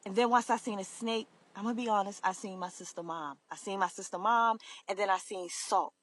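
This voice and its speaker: A woman's voice: medium pitch, fairly bright tone. Earnest woman sharing a personal story. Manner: halting, many fillers and restarts; earnest, emotional confiding. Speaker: vlogger.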